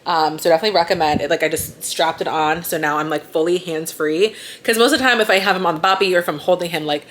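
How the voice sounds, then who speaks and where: A woman's voice: lowish voice, fast, fairly bright tone. A young woman chatting casually in a vlog, bubbly and talkative, often cooing to her baby. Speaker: vlogger. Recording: noisy background.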